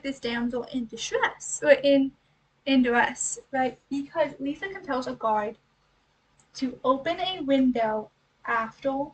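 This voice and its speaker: Woman vlogger, high voice, mic set back from her; breezy recap full of "right?" and quick asides. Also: far from the mic, poor audio. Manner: chatty, rhetorical questions, acts out lines in quick asides. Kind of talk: casual book recap and analysis.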